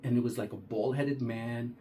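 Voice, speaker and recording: A man's voice: medium pitch, steady tone, normal speed, warm tone, slight background noise. A man casually retelling a true ghost story, talking conversationally with frequent restarts and acted-out dialogue.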